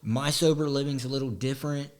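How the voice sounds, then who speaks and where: A man's voice: medium pitch, steady tone, quick pace. A man from southwest Ohio with a slight country drawl, chatting easily as a podcast guest with lots of fillers. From Southwest Ohio, USA. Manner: easygoing, conversational, many fillers. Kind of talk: casual podcast interview.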